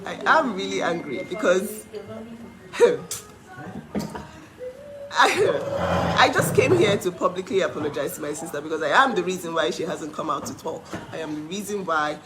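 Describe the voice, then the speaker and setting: A woman's voice: on the low side, expressive, moderate pace, pauses often, background noise. A woman in her thirties giving an angry, sarcastic rant, often laughing bitterly. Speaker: livestreamer speaking out for her sister. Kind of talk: emotional direct-to-camera rant.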